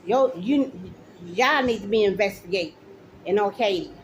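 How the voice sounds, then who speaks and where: A middle-aged woman speaks out in an indignant, accusatory rant, calling out officials one by one and driving each point home by repeating it. Her pitch sits in an ordinary middle range, and there is a faint hiss under her voice. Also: animated, normal speed, poor audio. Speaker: mother speaking out. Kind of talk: angry direct-to-camera rant.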